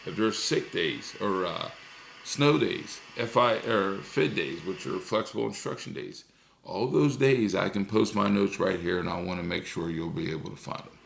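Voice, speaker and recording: A man's voice: low-pitched, normal speed, creaky, a little hiss or hum. A male teacher recording a lesson video for his class, upbeat and encouraging, often repeating himself.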